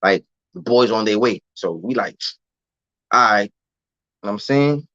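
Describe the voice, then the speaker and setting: A man's voice: lowish voice, expressive, normal speed, fairly bright tone, dry recording. A man, telling a candid story as a podcast guest in streetwise slang. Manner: streetwise slang, often adds "you know what I'm saying". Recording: dull, dry lo-fi recording.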